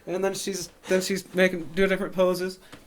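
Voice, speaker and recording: A man with a slightly high voice runs through a movie plot in loose, rambling podcast chat. He stumbles over his words and keeps breaking into silly impressions of the characters. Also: little pitch movement, brisk. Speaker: podcast co-host. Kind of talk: casual movie recap chat.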